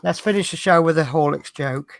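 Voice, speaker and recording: Gravelly jokey man hosting. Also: on the high side, a little fast, no room sound. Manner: jokey, rambling banter. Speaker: host. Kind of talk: casual chat, telling jokes.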